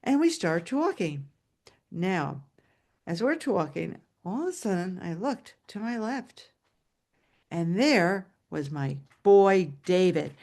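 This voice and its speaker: A woman storyteller telling a personal tale aloud over a video call, animated and dramatic. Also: takes it slowly. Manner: animated and dramatic, shouting at high points. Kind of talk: live oral storytelling.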